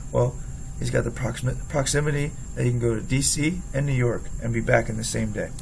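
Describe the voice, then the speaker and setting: Gravelly-voiced young Philly man reading. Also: mid-range voice, fairly quick, slight background noise, poor audio. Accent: Philadelphia. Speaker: former player and football coach. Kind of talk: read-aloud personal essay narration.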